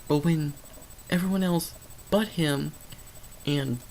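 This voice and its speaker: A vocal-fry-heavy voice at mid pitch talks through a movie off the top of the head. The speech wanders in stream-of-consciousness fashion, with restarts and fillers. A faint hum of ambience sits behind the voice. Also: slow pace, darkish tone, rough recording. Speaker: movie reviewer. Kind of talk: unscripted rambling movie review.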